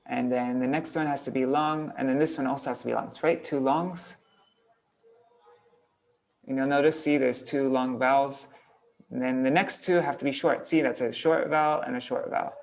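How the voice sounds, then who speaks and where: A man leads an online lesson on verse meter in a relaxed, thinking-aloud way, working on screen as he goes. His voice has a gravelly edge, and every so often he chants syllable patterns out loud. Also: mid-range voice, moderate pace. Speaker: kirtan teacher.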